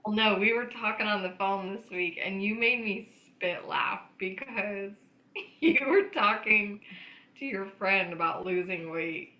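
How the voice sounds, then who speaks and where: A woman's voice: medium pitch, measured pace, echoey room, muffled recording. A woman co-hosting a podcast, teasing and laughing in a casual chat. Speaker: podcast co-host.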